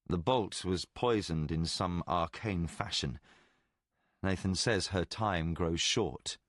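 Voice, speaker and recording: A man voicing a stern prince who interrogates a prisoner with forceful demands. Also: low-pitched, slow, no room sound, clean studio sound, voice pushed down. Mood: grave. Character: stern young male prince, commanding and impatient.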